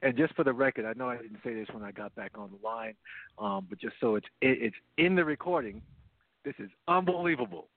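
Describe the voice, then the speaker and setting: Heard through a phone line rather than his headset, this podcast co-host on a recovery show speaks in a mid-range voice, fairly quickly and with no echo. His casual radio talk is earnest and full of repeated phrases.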